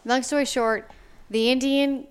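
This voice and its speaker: Excitable woman with a smooth voice. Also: high voice, measured pace. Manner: animated, excitable, quotes herself. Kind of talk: casual storytelling.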